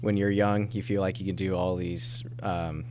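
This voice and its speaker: A man taking part in a casual discussion of a novel, speaking in a measured, thoughtful way. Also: sits low, level tone, darkish tone, slight background noise. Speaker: discussion participant.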